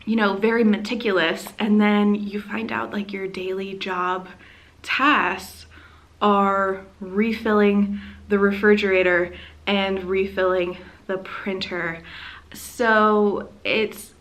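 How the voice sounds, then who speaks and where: A woman's voice: mid-range voice, little pitch movement, takes it slowly, fairly bright tone. A young woman in her twenties chatting casually to her camera at home, laughing often and filling her talk with "like" and "um". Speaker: vlogger. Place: room at home. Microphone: camera mic.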